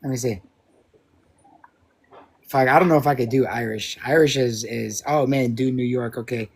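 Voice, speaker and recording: A man's voice: medium pitch, fairly even intonation, normal speed, slightly rough. A man co-hosting a live stream in casual chat, joking, swearing often and laughing at himself.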